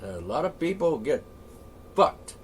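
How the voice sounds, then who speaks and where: A man's voice: fairly high pitch, big pitch swings, a little slow. Rambling, profane man, slightly distant mic. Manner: profane, rambling, with frequent asides and throat-clearing. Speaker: political ranter. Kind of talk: off-the-cuff solo rant. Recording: voice a bit far from the mic, faint ambient noise.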